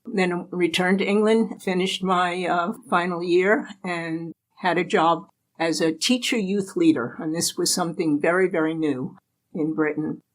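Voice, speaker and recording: A woman's voice: fairly low pitch, unhurried, low-quality recording. An older woman from the United States, a guest in an interview, telling anecdotes in a chatty way and laughing often. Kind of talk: casual storytelling interview.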